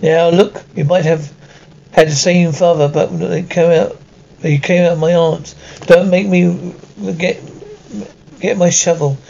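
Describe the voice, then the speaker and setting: An actor voicing a crude villager who tells a bawdy tale in a rough, indignant way in an animated series, heard in muffled, lo-fi film audio. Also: male voice, a little high, a little slow. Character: crude coarse male villager telling a bawdy tavern tale.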